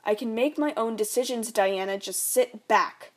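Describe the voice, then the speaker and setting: A woman's voice: on the high side, moderate pace, lightly acted. A woman reading as a curt, controlling father. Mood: dismissive. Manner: curt, dismissive. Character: controlling, slurring father, middle-aged man.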